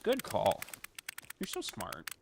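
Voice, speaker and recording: A man's voice: lowish voice, huge pitch swings, slow pace, gravelly, background noise. A man chatting and joking sarcastically with friends while playing a survival game. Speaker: gamer. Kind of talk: casual co-op let's play chat.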